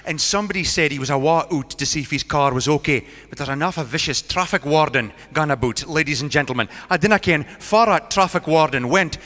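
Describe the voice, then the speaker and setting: A man's voice: on the high side, brisk, few pauses, pushed and bright. A Scottish man introducing a comedian to a concert audience, jovial and addressing the crowd. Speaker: concert compère. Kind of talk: stage introduction. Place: large concert hall on stage. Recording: live hall recording with long reverb.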